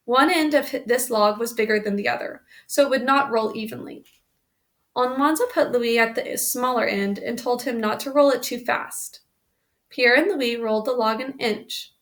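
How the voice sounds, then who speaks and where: A woman's voice: fairly high pitch, fairly bright tone. A woman reading a children's book aloud, stopping now and then to explain the story in plain asides. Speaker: reader.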